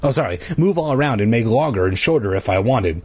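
A man reading a children's horror book aloud, animated and wry, with jokey asides. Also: mid-range voice, quick pace, husky.

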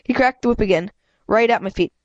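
An amateur reader, a woman, reads a children's chapter book aloud in a brisk, slightly mellow voice. She often stumbles and restarts lines, raises her pitch to voice characters, and stops to apologize and comment between passages. The audio is dull, with no room sound.

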